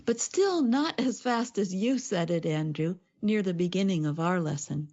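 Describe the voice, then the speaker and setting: Lady co-hosting an english lesson podcast, mellow warm voice, kinda dull sound. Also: lowish voice, lively intonation, normal speed. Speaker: co-host. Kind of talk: scripted educational podcast.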